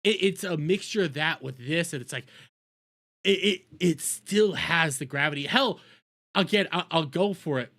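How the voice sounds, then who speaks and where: A man's voice: fairly high pitch, moderate pace, sharp tone. A young adult man giving profane, rambling reaction commentary as a video host.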